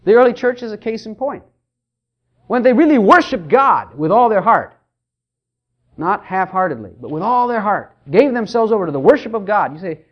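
A middle-aged male pastor delivers a sermon in a church, his voice pitched high and swinging widely in melody. He slips into quoted voices of churchgoers as he makes his points. The recording is dull and lo-fi. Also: lively intonation, moderate pace.

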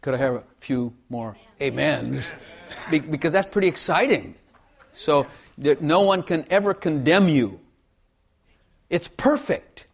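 A man's voice: a little high, lively intonation, a little slow, gravelly, breathy edge. A man preaching a sermon in a folksy way, repeating phrases and asking the congregation for amens.

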